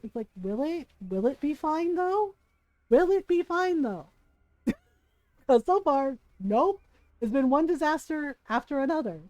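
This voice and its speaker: A woman streaming a game, chatting casually and telling stories in an animated, laughing way. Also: extremely high pitch, a little slow, no echo, rough recording. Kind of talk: casual gameplay commentary and storytelling.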